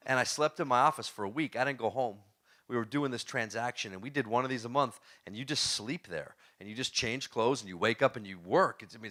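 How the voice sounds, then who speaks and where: Bright-voiced man telling a lively story. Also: medium pitch. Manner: animated, asks the audience questions; laughs often while telling stories. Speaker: motivational speaker. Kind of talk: storytelling talk to a live audience.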